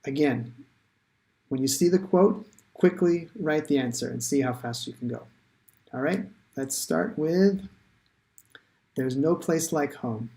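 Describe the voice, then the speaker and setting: A man's voice: a little high, measured pace, creaky, a little mellow. A man teaching English in a live online lesson, chatty and encouraging, thinking aloud with many fillers.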